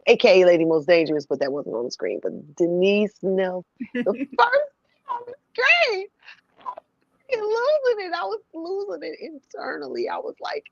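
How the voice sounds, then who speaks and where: Animated storytelling woman, dull dry sound. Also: on the low side, gravelly, no room sound. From New York City. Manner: animated, laughing, swears freely. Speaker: voice actress telling a story. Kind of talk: casual storytelling chat.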